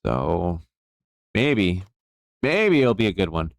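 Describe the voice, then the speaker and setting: An easygoing man talks casually to his live-stream audience, rambling a little and thanking people as he goes. His voice sits low and comes across clean and smooth. The sound is close and dry, with no room echo. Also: big pitch swings, slow. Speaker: jeweler streaming bench work.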